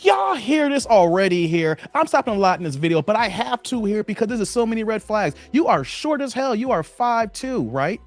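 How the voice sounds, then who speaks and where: A man's voice: high voice, big pitch swings, a little fast, few pauses, dry recording. A man hosting a reaction video, commenting in an emphatic, lecturing way over faint music. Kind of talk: casual commentary.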